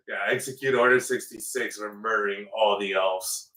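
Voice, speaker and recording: A man's voice: fairly low pitch, fairly even intonation, normal speed, sharp tone, distant mic. A man hosting a strategy game playthrough in casual commentary, slipping into playful mock outrage as his ruler. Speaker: let's play host. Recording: roomy echo, away from the mic.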